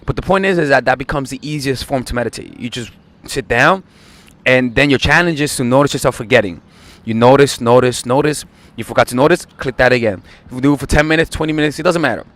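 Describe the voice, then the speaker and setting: A man's voice: mid-range voice, fast, a bit bright. A man speaking as a dating coach in an advice video, earnest and insistent, often repeating words as he gets going.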